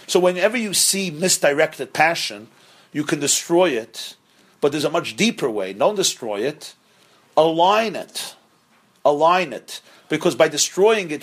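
A middle-aged man, a rabbi, giving a Torah lecture to a live group, speaking emphatically, repeating key words and acting out quoted voices. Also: fairly high pitch. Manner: acts out quoted voices while teaching. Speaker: rabbi teaching a class.

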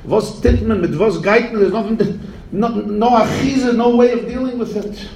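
A man telling a folk tale in an animated, theatrical way, with Yiddish and Hebrew words mixed in. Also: sits high, moderate pace, creaky, roomy sound, far from the mic, a little hiss or hum, poor audio. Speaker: storyteller.

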